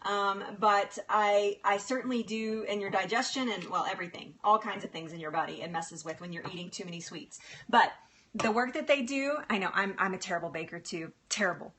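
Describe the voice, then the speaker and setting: A woman's voice: medium pitch, fairly quick, a bit bright, a little hiss or hum. A woman hosting a casual cooking livestream in a home kitchen, chatty and laughing often as she talks to viewers by name.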